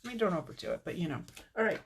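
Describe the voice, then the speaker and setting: A woman's voice: lowish voice, animated, racing, slight background noise. A woman hosting a casual live card-making tutorial, chatting to viewers by name and laughing often.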